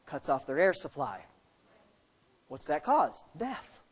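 A preacher delivering a sermon, firing rhetorical questions at the congregation and shifting between quiet asides and loud, slowed-down emphasis. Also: mid-range voice, big pitch swings, husky. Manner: jokes lightly with the listeners.

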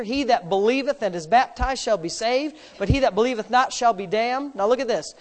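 A woman preaching a sermon, emphatic, swinging between loud declarations and hushed asides. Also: high voice, moderate pace. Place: church. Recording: long hall reverb.

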